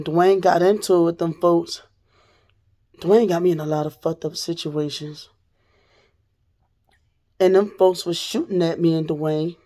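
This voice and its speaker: A woman vlogger telling a personal story straight to the camera, blunt and profane, her voice dropping low and then rising loud.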